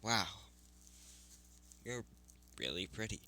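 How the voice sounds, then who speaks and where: A man voicing a calm, powerful young male hero in a fan story, speaking gruffly and softly. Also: fairly low pitch, takes it slowly, a little hiss or hum, full character voice.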